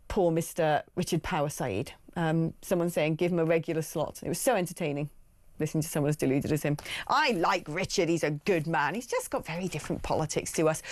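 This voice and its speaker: A woman hosting a talk radio show, reading messages and giving her views in an animated, scornful way. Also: medium pitch, no room sound, clean studio sound.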